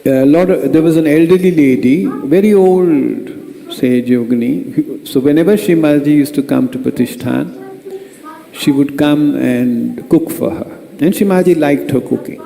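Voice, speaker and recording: Older male elder, dark gravelly voice, unhurried earnest moral talk, echoing hall. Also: fairly high pitch. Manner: slow, earnest, admonishing. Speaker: spiritual elder speaking to youth. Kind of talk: spiritual talk with anecdotes. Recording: long hall reverb.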